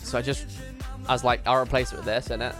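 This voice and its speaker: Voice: mid-range voice, little pitch movement, fast, fairly bright tone, faint music behind. A livestreamer chatting casually at a home desk, rambling with lots of fillers and casual swearing. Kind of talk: casual live-stream chat.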